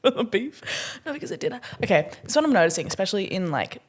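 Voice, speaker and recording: A young woman from Australia co-hosting a podcast, chatting casually and acting out quotes with sudden pitch jumps and laughter. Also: sing-song, racing. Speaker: podcast co-host, comedian. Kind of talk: casual chat.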